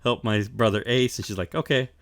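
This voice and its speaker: Relaxed lower-voiced male podcast co-host, swears and laughs freely, dry close sound. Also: moderate pace, no room sound. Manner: loose and profane, laughs often, many fillers. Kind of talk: casual chat, recapping an anime.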